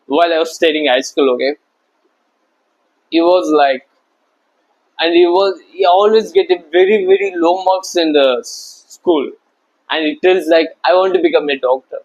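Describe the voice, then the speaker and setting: A man's voice: fairly high pitch, low-quality recording. A young man giving casual, chatty advice on small talk, loose and often laughing. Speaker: social skills coach.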